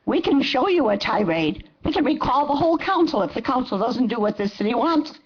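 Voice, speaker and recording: A woman's voice: high voice, big pitch swings, brisk, husky. A woman in her seventies giving an angry, impassioned public comment at a council meeting. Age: 70s. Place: council chamber. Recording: dull lo-fi meeting recording.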